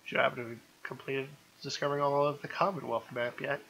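A man's voice: medium pitch, level tone, fast, vocal fry, sharp tone, slight background noise, low-quality recording. A man giving casual gameplay commentary, musing aloud and humming to himself as he plays. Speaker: let's play host.

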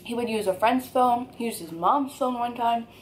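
A woman's voice: fairly high pitch, normal speed, a little hiss or hum. A young woman in her twenties telling an emphatic, candid story to camera for her channel while eating at home. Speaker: YouTuber.

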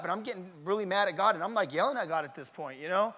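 A man's voice: high-pitched, fast, hardly any pauses, pushed and bright, in a large hall. A man giving a storytelling sermon at a conference. He talks in a casual, slangy way and acts out his own quoted words. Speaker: conference speaker.

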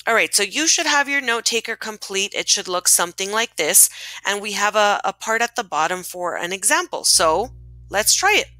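A woman teacher recording a voice-over lesson who explains steps clearly and encouragingly. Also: medium pitch, bright, forceful tone, no room sound, poor audio.

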